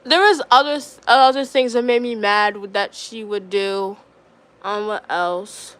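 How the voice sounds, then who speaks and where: A woman's voice: medium pitch, a little slow, fairly bright tone, no echo. A young woman streamer telling a story in casual chat, rambling with lots of fillers and getting riled up.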